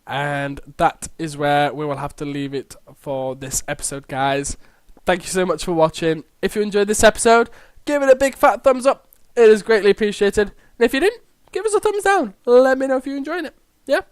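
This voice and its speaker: A let's play host reading a visual novel aloud, chatting in quick asides and signing off playfully. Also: mid-range voice, clean tone, dry recording, studio quality.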